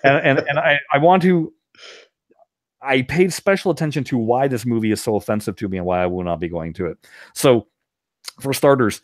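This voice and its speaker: A man co-hosting a podcast, chatting casually and retelling scenes with lively put-on voices. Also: medium pitch, brisk, dry recording, clean studio sound. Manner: animated storyteller, puts on silly voices when retelling scenes. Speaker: podcast co-host. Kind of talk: casual chat.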